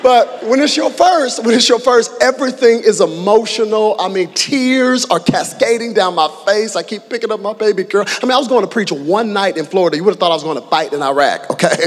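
A pastor in his thirties preaches with lively, humorous storytelling, his fairly high voice climbing into shouts. The sound carries a long reverb from a large church hall. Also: normal speed. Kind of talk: sermon.

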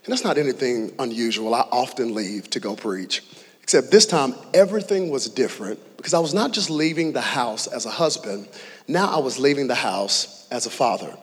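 A man in his thirties preaching a sermon as pastor, telling stories with humor and rising to shouts. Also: mid-range voice, lively intonation, moderate pace, breathy edge. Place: large church hall. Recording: long hall reverb.

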